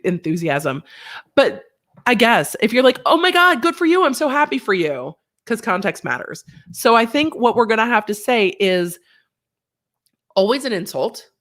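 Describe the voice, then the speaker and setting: A woman hosting a casual livestream, chatty and reading viewer comments aloud, a bit unwell with a sinus infection. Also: medium pitch. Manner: chatty, animated, reads chat aloud. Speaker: livestream host.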